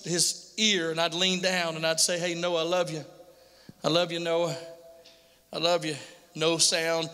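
Middle-aged man, bright tense tone, earnest testimony, repetitive storytelling. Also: on the high side. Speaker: father giving a testimony to a pastor. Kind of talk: emotional personal testimony. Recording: long hall reverb.

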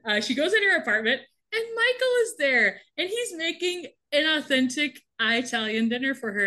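A woman with a bright, slightly high voice recaps a show in casual chat. She laughs often and swings into quick impressions of the characters. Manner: animated, laughing often, acts out characters' lines. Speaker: podcast co-host recapping a TV episode.

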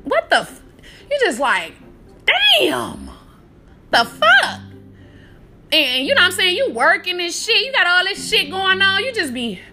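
A woman hosting a podcast, giving casual, profane, animated motivational advice with frequent laughs, calling the listener baby. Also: very high voice, slight background noise. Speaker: podcast host.

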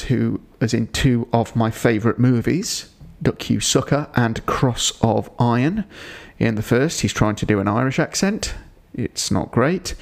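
A man's voice: mid-range voice, creaky. A man hosting a podcast, giving a digressive episode review with dry, wry asides. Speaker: podcast host.

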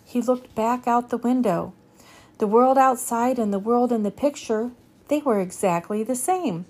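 A woman reading a children's chapter book aloud in a steady storytelling manner. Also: fairly high pitch, unhurried. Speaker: reader.

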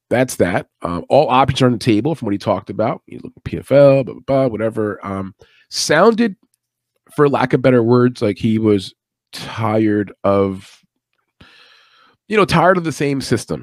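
A man from the United States East Coast hosts a late-night MMA podcast, rambling in a chatty, opinionated way full of asides. His mid-range voice comes through a dry, studio-quality recording of this casual live-stream commentary.

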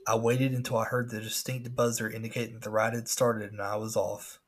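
A man's voice: lowish voice, little pitch movement, a little fast, few pauses, husky. A man reading a scary story aloud as a podcast host, with casual asides.

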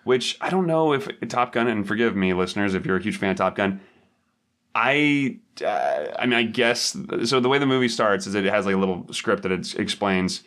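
A man's voice: fairly low pitch, animated, moderate pace, a bit bright. A man co-hosting a podcast, chatting loosely about a movie and rambling with many filler words. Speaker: podcast co-host. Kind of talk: casual movie chat.

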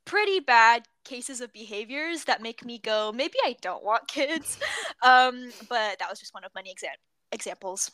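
A young woman with a high, bright voice chats casually as a podcast co-host. She tells her stories in a giggly, animated way. The recording is dry and close. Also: normal speed, clean tone, dry recording. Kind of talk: casual chat.

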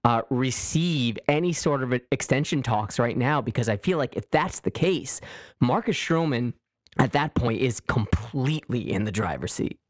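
Man, sports podcast co-host: lively swooping pitch, dry close sound, mocking put-on quotes, casual swearing. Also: normal speed, no echo. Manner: animated, acts out quotes in a mocking voice, swears freely.

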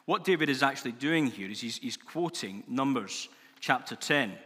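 Forceful preacher in a reverberant hall. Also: male voice, medium pitch, lively intonation, moderate pace, breathy edge. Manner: earnest, emphatic, builds in intensity. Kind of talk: sermon. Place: church hall.

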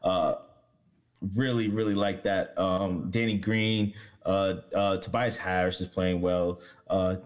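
A man's voice: low-pitched, fairly even intonation, slow pace. A man hosting a casual sports chat, rambling with fillers and restarts and laughing often. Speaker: podcast host.

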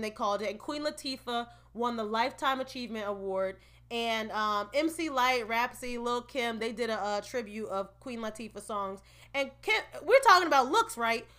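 A woman talks straight to her viewers in a casual, opinionated recap, laughing now and then as she goes. Her voice is bright and sits a little high. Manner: chatty, opinionated, laughing asides. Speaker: vlogger.

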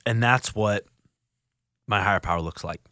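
A man's voice: on the low side, sharp tone, no room sound. A man hosting a solo podcast in a studio, speaking earnestly and reflectively, often stopping to restart his sentences. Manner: earnest, halting with frequent restarts. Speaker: podcast host. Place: recording studio.

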